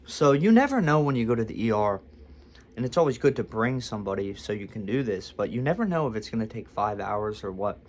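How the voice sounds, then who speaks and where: Speaking to camera, a male vlogger tells a storytime monologue that rambles, pokes fun at himself, and keeps restarting. His voice is lowish, very animated, and brisk.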